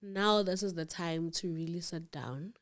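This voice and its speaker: A woman telling a personal story as a guest, animated and acting out the quoted dialogue. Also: lowish voice, unhurried. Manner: animated, acts out quoted dialogue, laughs in disbelief.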